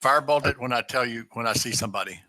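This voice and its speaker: A man's voice: medium pitch, racing, sharp tone, no echo. A man playing in a tabletop game, planning his character's moves aloud with casual hesitations. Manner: plans aloud with fillers and restarts. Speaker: player. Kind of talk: casual play talk.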